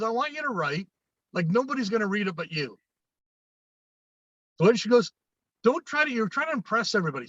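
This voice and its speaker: A man's voice: sits high, sharp tone, no room sound. A man, a guest on a podcast, telling anecdotes in conversation and acting out the dialogue, often restarting and repeating phrases. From Canada. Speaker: podcast guest, sales coach. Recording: dry, dull lo-fi sound.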